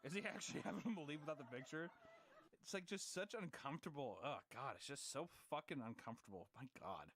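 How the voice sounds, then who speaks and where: A man's voice: on the high side, expressive, quick pace, fairly bright tone, a little hiss or hum. A young man streaming, giving casual reaction commentary in a profane, mocking way and laughing often.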